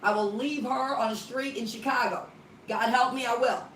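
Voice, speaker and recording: A woman's voice: on the high side, steady tone, normal speed, fairly bright tone. A woman ministry leader on a phone call, talking firmly and bluntly while pleading. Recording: roomy room, distant mic, faint noise.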